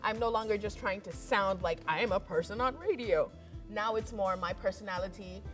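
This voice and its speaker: A woman's voice: a little fast, a bit bright. A woman in her thirties from Kenya, a radio host chatting frankly as a guest on a talk show, laughing often. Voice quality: squeaky voice, in her own view. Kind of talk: casual chat interview. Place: TV studio. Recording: TV studio with faint music.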